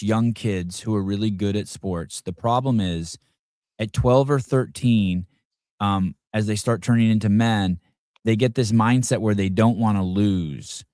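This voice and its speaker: A man's voice: lowish voice, a little mellow, no echo, studio quality. A man hosting a podcast, asking curious, short follow-up questions in a casual interview. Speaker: podcast host.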